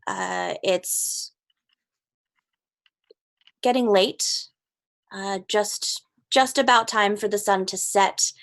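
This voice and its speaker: A woman narrating as game master of a tabletop game, relaxed and hesitant, with many fillers. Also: mid-range voice, drawn-out words, vocal fry, long pauses.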